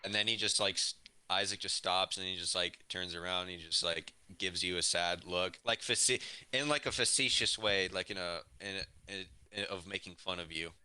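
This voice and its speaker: A man's voice: low-pitched, fairly even intonation, moderate pace, bright, forceful tone, clean tone, dry recording. A man playing a tabletop game, casually describing what his character does with a lot of fillers. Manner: narrates his character's actions loosely, with many fillers. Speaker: player.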